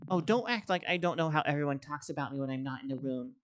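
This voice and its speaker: A woman's voice: deep voice, lively intonation, fast, a little hiss or hum. A woman voicing a bitter, prickly young female witch who talks sharply and resentfully.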